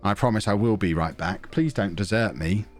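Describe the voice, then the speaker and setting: A man's voice: fairly low pitch, normal speed, soft background music. A young man chatting casually to his viewers while streaming a game from a small home office, talking close into a desk mic in a rambling way. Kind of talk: casual live-stream chat while gaming. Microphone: desk mic close to the mouth.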